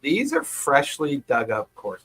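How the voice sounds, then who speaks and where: A man narrating as game master in a tabletop game, describing scenes at an unhurried pace and chuckling often. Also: mid-range voice, huge pitch swings, a bit bright, rough recording.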